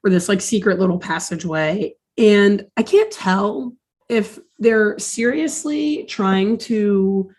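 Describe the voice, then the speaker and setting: A woman's voice: medium pitch, takes it slowly, darkish tone. A woman co-hosting a podcast, recapping a cartoon episode in casual chat, swearing and laughing often.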